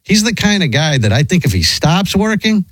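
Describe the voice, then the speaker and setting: Middle-aged man, casual storytelling, lively swooping pitch, dry close sound, rambling. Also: moderate pace, breathy edge, no echo, low-quality recording. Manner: rambling, animated, frequent restarts.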